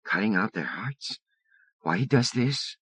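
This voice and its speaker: A man voicing a soft-spoken young Vietnamese immigrant girl who speaks slow, broken English in an airy voice. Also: fairly low pitch, expressive, slightly rough, no echo, pitched above the performer's own voice, full character voice. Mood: puzzled, earnest.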